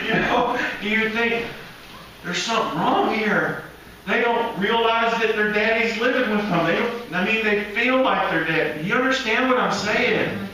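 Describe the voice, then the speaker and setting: Male preacher, high bright voice, slow deliberate delivery, animated sermon, echoey hall, mic at a distance. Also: slight background noise. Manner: animated, acts out voices of people praying.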